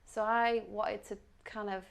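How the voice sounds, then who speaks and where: A woman's voice: mid-range voice, flat delivery, unhurried, gravelly, clean tone. Chatty woman. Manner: chatty, enthusiastic, rhetorical questions. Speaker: podcast guest. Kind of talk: casual conversation.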